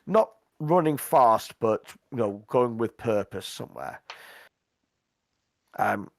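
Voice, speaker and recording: A man narrating as game master, hesitant and full of pauses. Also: mid-range voice, lively intonation, gravelly, no echo, clean studio sound. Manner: hesitant, full of ums and restarts.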